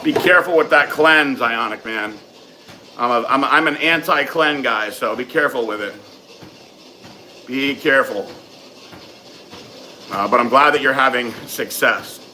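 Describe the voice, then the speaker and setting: A man answers viewer questions in a casual, frank way, dropping fillers as he goes. His voice has a bright, forceful edge at a middling pitch. A faint hiss of noise sits behind him. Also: moderate pace, poor audio. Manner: frank, matter-of-fact advice with many fillers. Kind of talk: casual live Q and A.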